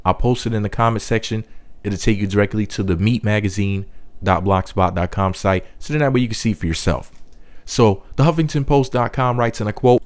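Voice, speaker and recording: Low-voiced man giving a profane, sarcastic rant. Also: brisk. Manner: sarcastic, blunt and profane, jumping from wisecracks into heated ranting. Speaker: video commentator. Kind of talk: reading a news story aloud and interrupting it with commentary.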